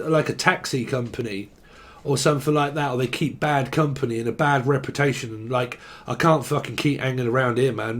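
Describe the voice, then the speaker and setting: A man giving a casual, rambling tarot reading, full of slang and swearing. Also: mid-range voice. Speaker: tarot reader.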